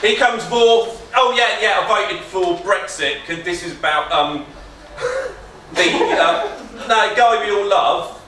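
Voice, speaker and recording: A man performing a deliberately bad comic poem at a small live venue, rambling and interrupting himself. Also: sits high, very animated, sharp tone. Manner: rambling, self-interrupting, giggling. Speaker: contestant poet. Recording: echoey room, distant mic, crowd noise.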